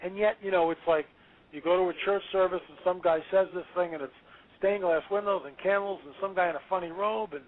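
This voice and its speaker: A male author talking as an interview guest, emphatic and preachy, quick to exclaim. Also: high voice, fairly even intonation. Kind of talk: animated interview talk. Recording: tinny phone-line audio.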